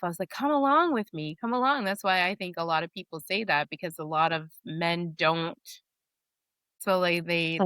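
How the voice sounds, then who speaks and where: A woman's voice: fairly low pitch, fairly bright tone, dry recording. A woman in her forties, a podcast guest, telling her story in a candid, rambling way. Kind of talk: casual interview talk.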